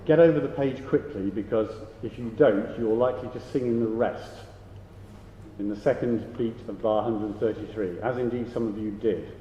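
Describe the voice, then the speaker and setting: A man directing a choir rehearsal, briskly giving notes, counting the singers in and singing example phrases. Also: lowish voice, a little hiss or hum. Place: large rehearsal hall. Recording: echoey hall, dull lo-fi sound.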